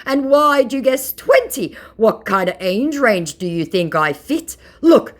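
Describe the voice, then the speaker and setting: Woman doing a high, mocking voice for a smug male scammer who fakes being a rock star, sing-song and exaggerated, loud. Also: big pitch swings, measured pace. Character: male scammer posing as famous rocker, smug, pushy.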